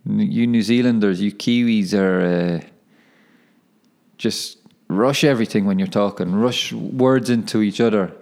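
Young guy on his own podcast, lowish voice, rambles, keeps correcting himself, laughs at himself. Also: measured pace, creaky, a little mellow. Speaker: podcast host and professional footballer. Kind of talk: casual solo podcast monologue.

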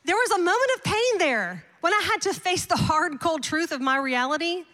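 A middle-aged woman pastor preaching a sermon, telling a personal story in an animated, emphatic way with repeated refrains. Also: very high voice, moderate pace. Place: large church auditorium. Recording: long hall reverb.

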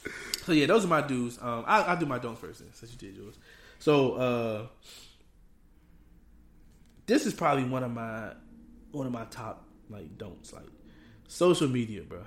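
A man co-hosting a podcast in casual chat, animated, laughing often and tagging lines with "bro". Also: medium pitch, normal speed, long pauses, reverberant. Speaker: podcast co-host.

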